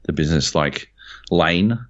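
A man, co-hosting a podcast, telling a travel story in an animated way and swearing often while jet lagged. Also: rumbling low, unhurried. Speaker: podcast co-host. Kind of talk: casual chat. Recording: dull lo-fi audio.

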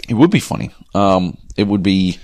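A man's voice: low-pitched, animated, normal speed, darkish tone, no room sound. A man co-hosting a podcast in casual, sweary chat, reading listener emails aloud. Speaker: podcast co-host.

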